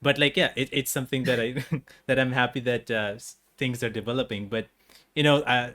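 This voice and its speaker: A man's voice: mid-range voice, steady tone, fairly quick, sharp tone. A man hosting an interview in English, which is not his first language, talking eagerly with many fillers and giggles. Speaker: interview host. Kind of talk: casual interview chat.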